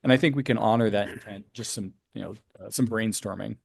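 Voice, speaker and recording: A man's voice: lowish voice, fairly quick, gravelly, a little mellow, slightly rough, no room sound, studio quality. A man on planning staff explaining options at a public meeting, thinking aloud with frequent fillers. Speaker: county planning staff member.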